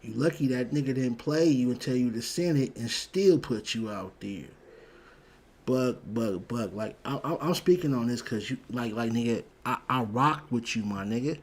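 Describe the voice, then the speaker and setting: A man's voice: medium pitch, normal speed, darkish tone. A man hosting a show, giving a blunt, heated, profane commentary rant full of repeated words. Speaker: show host.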